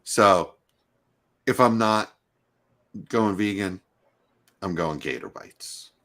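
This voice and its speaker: A middle-aged man chatting casually on a podcast, telling lively food stories and slipping into quick mimicry. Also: fairly low pitch. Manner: animated storyteller, mimics accents in passing. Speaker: podcast co-host. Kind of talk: casual chat.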